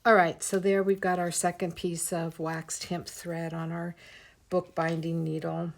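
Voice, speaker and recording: A woman leads a casual craft lesson on a livestream, pausing to greet viewers. Her voice is low and gravelly. She talks slowly and chattily as she works. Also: level tone. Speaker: art teacher.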